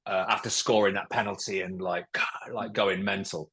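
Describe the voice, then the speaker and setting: A man's voice: low voice, flat delivery, moderate pace, very noisy. A man from England, a former footballer guesting on a podcast, telling rambling anecdotes in casual chat.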